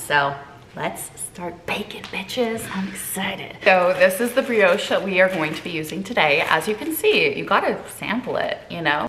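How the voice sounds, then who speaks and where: A woman's voice: fairly low pitch, gravelly, a bit bright, echoey room, slight background noise. Upbeat young woman coaching through a cooking vlog. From Quebec, Canada. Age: 20s. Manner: upbeat, encouraging, playful asides. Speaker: eating disorder recovery coach and vlogger. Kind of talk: casual cooking vlog talk to camera. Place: home kitchen.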